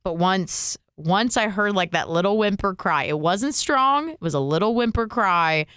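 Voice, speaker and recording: A young woman co-hosting a podcast, retelling a personal story in an emotional, animated way full of fillers. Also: fairly low pitch, normal speed, smooth, no echo, studio quality. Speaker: radio and podcast co-host. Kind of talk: casual conversational storytelling.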